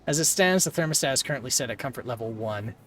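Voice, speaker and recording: Animated male streamer reading a game. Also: medium pitch, quick pace, distant mic, faint music behind. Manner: animated, joking. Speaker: streamer playing a text game. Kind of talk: reading game narration aloud with asides.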